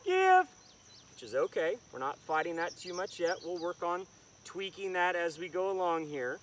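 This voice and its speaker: A man who trains dogs, calmly explaining an outdoor lesson while he works the dog with short commands. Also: sits high, normal speed. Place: outdoors in the countryside. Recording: distant mic with outdoor noise.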